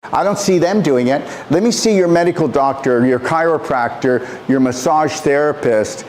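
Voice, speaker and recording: A man, a natural health practitioner, delivering an impassioned motivational monologue, emphatic and preachy, repeating phrases and swinging his pitch up and down. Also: moderate pace, a little mellow, a little hiss or hum.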